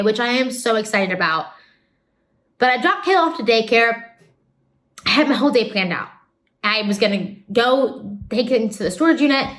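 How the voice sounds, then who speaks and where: A young woman talking casually to her viewers, earnest and rambling, a little out of breath. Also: a little high. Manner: earnest, rambling, warm-hearted. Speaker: ministry vlogger announcing a giveaway. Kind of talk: casual chat to camera.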